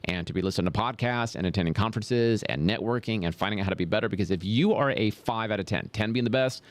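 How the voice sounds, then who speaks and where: A man's voice: on the low side, fast, no room sound. A male pastor and podcast host teaching on leadership in a direct, emphatic way, repeating key points to the listener. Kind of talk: motivational teaching talk.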